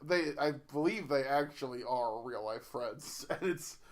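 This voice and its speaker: A man co-hosting a casual wrestling podcast who rambles, halting and restarting his sentences as he chats. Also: medium pitch, lively intonation. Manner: rambling, halting, self-interrupting. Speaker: podcast co-host.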